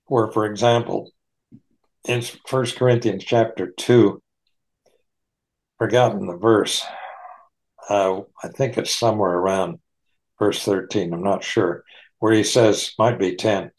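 Unhurried man leading a Bible study. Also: lowish voice, fairly even intonation. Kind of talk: online Bible study teaching.

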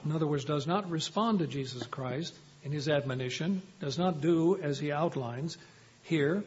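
Husky-voiced man preaching a sermon. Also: a little high, a little mellow. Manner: measured, emphatic, quotes scripture. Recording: dull lo-fi recording.

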